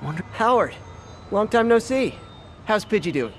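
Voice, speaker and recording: A man's voice: sits high, big pitch swings, moderate pace, a little hiss or hum. An actor playing a friendly, earnest young male hero who talks in an upbeat, chatty way.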